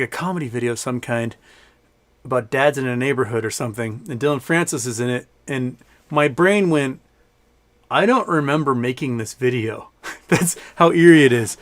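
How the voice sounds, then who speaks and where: A middle-aged man hosting a casual live stream from home, rambling and reading chat aloud with frequent laughs. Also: mid-range voice. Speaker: livestream host.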